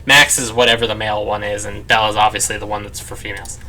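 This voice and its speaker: A man's voice: fairly low pitch, little pitch movement, fast talker, bright, forceful tone. A man hosting a let's play, chatting casually at his parents' home in a rambling way full of "like" fillers. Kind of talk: casual gameplay commentary. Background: dogs barking nearby.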